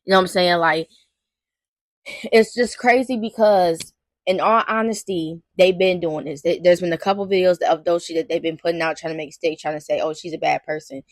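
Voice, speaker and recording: A woman's voice: lowish voice, normal speed, dry recording. A young woman hosting a casual commentary rant, talking emphatically in slangy, repetitive phrases. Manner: animated, emphatic, repeats herself, slangy. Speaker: commentary host.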